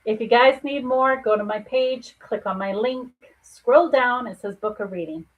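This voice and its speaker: A woman's voice: a little high, moderate pace, phone-quality sound. A middle-aged woman, a psychic medium, giving earnest and reassuring spiritual readings to viewers in a soothing way.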